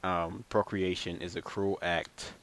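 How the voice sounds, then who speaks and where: A man's voice: deep voice, little pitch movement, measured pace, a bit bright. A man talking to camera in a casual, rambling monologue, blunt and profane, chuckling between his points. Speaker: vlogger.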